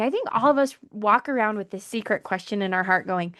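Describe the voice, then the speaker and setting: A woman's voice: mid-range voice, brisk, a bit bright, no room sound, clean studio sound. A young adult woman co-hosting a podcast as a life coach, talking earnestly and reflectively in casual conversation. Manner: earnest, reflective, acts out quoted voices.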